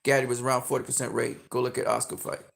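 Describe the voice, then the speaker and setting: A man's voice: medium pitch, level tone, quick pace, gravelly, a bit bright. A man hosting a live stream, ranting in a casual, emphatic way, swearing a lot and tagging his points with "okay?". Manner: emphatic, profane, repeats "okay?" often. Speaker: boxing stream host.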